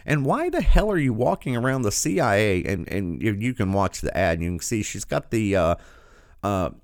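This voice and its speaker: A man's voice: fairly low pitch, big pitch swings, moderate pace, no echo, studio quality. A man giving sarcastic, incredulous commentary, often stopping a video to react.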